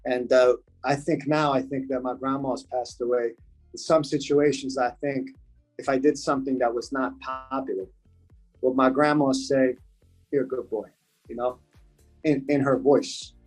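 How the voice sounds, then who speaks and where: A man's voice: medium pitch, steady tone, moderate pace, faint music behind, rough recording. A man from the United States, a podcast guest talking in a casual interview, earnest and repeating his points for emphasis.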